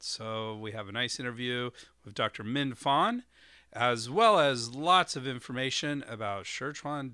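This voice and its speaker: A man hosting an educational podcast, explaining terms in a relaxed, meandering way with frequent fillers. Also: medium pitch, no echo, studio quality. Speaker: podcast host.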